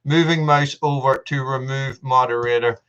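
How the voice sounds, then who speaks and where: A man hosts a live stream from an upstairs room at home, rambling in a self-mocking way and breaking into laughs. His voice sits at an ordinary middle pitch for a man, and he keeps fiddling with his camera mic and desk mic as he talks. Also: steady tone, moderate pace, fairly bright tone, clear, resonant tone, muffled recording. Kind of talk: casual live stream chat with viewers. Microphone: testing camera mic and desk mic.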